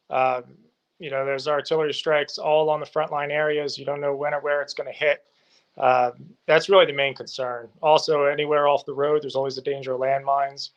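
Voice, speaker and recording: A man's voice: on the high side, a bit bright, highs cut off. A male guest reporting from a war zone, answering interview questions firmly and assertively. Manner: firm, assertive, with occasional fillers.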